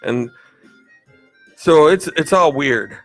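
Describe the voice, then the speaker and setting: A man's voice: fairly high pitch, expressive, slow, a bit bright, dry recording, faint music behind, low-quality recording. A man hosting a live stream, answering chat questions in a chatty way, laughing often and losing his train of thought. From United States. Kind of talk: casual chat.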